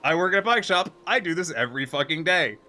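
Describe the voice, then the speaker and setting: A man streaming, telling a story as a profane, animated rant in casual talk. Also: on the high side, fast talker, a little hiss or hum.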